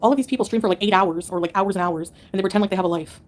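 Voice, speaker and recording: Fast-talking woman ranting sarcastically. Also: medium pitch. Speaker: livestreamer answering chat. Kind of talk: live-stream rant to chat.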